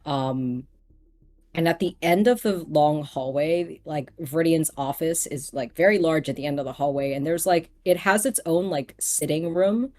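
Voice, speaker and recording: A woman's voice: low voice, normal speed, a little mellow. A woman narrating as game master of a tabletop role-playing game, rambling with many fillers. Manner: rambling, lots of fillers, laughs easily.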